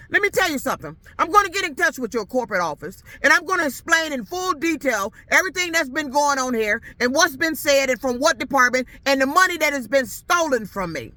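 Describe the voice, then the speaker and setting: A woman's voice: high voice, bright, forceful tone, no echo. A woman ranting to her camera in a vlog, irate and profane, hammering the same questions over and over. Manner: irate, profane, repeats herself. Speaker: vlogger. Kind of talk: angry rant to camera.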